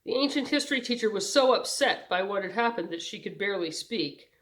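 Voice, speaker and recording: A woman reading a novel aloud as a bedtime story narrator, measured and clear. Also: mid-range voice, expressive, a bit bright, rough recording. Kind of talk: audiobook narration.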